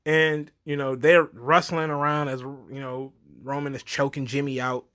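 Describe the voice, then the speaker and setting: A man's voice: moderate pace, smooth. A man recapping a wrestling event in a casual monologue, acting out quotes and laughing often. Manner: animated storyteller, acts out quotes in high voices; frequent fillers, laughs often. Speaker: wrestling reviewer.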